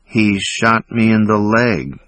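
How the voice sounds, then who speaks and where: A man playing a wounded, unhinged man who talks slowly in a calm, distant, menacing way. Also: fairly low pitch, dry recording, voice pushed up.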